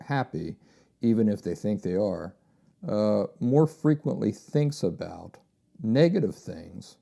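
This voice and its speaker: A man's voice: on the low side, vocal fry, dark tone. A man hosting a solo podcast in a casual, rambling way, often repeating phrases and restarting sentences. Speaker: podcast host.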